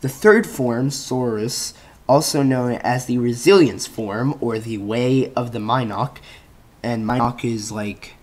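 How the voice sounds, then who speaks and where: A man reads a reference page aloud at a slow, unhurried pace, often tripping over words and starting them again. He drops short, offhand comments between passages. His voice sits at an ordinary middle pitch. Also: a little mellow. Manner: halting reading with frequent restarts and self-corrections. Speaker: channel host.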